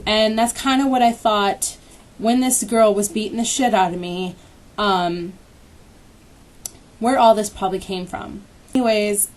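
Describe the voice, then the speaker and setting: A woman's voice: mid-range voice, darkish tone. A young woman casually retelling a personal story as a vlogger, candid and swearing freely, with lots of fillers. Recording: voice a bit distant from the mic.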